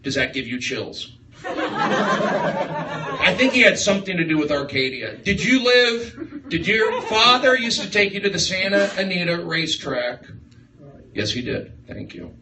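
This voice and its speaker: A man doing a rambling stand-up set, riffing excitably on the crowd in a small comedy room. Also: sits high, measured pace. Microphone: far live-stream phone mic. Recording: echoey, distant livestream with room noise.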